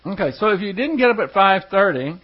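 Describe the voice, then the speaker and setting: Husky pastor, rambling and folksy. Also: male voice, high-pitched, animated, quick pace. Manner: rambling, chuckling, folksy asides. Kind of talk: casual storytelling to a congregation. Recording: dull lo-fi recording.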